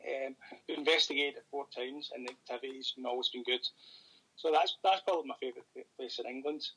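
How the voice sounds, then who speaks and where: A Scottish man in casual interview chat, rambling and thinking aloud with many pauses. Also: mid-range voice, bright, forceful tone, slightly rough, poor audio. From Scotland. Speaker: paranormal investigator and author.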